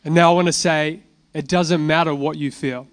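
Animated preacher, fairly high voice. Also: male voice, moderate pace. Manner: animated storytelling, casual asides. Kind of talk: sermon with testimony.

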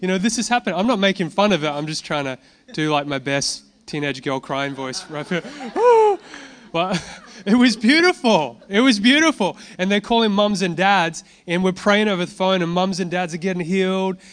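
A man's voice: high voice, a little fast, clear, resonant tone. A man preaching a sermon, telling a healing testimony with casual asides and laughter. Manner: animated storytelling, casual asides.

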